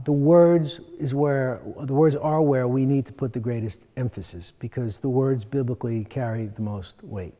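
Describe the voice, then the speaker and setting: A man's voice: on the high side, dark tone. A man giving a conference workshop talk, teaching earnestly and with emphasis, recorded in a conference hall. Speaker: workshop speaker. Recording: long hall reverb.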